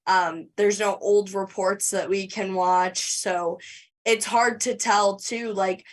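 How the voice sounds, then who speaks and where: A woman's voice: medium pitch, steady tone, takes it slowly, recorded from a distance. A woman podcast co-host chatting casually in an interview, rambling with many fillers and restarts.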